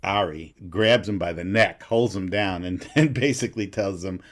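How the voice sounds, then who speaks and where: Male co-host, lowish voice, halting and enthusiastic about quotes. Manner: halting, full of restarts and fillers, fond of favorite lines. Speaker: podcast co-host, the father. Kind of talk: casual movie chat.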